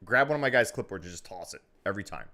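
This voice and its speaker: A man co-hosting a fan podcast, giving predictions in casual chat, excitable and profane, laughing often. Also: on the low side, racing. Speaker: podcast co-host.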